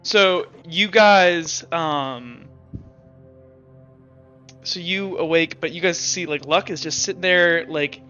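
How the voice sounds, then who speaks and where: Bright-voiced man running a tabletop game. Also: fairly high pitch, slow, long pauses, lo-fi sound, faint music behind. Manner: casual, rambling, frequent "like" and restarts. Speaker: game master.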